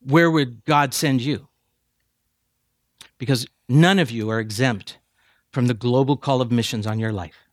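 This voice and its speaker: A man preaching a sermon to seminary students, emphatic and building to near shouts. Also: mid-range voice, moderate pace, pauses often, no room sound, studio quality. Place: chapel addressing seminary students.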